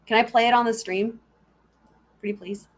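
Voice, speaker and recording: A woman's voice: on the high side, fairly even intonation, moderate pace. Giggly woman chatting on a live stream. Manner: chatty, giggly, talks to chat viewers. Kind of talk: casual live-stream chat.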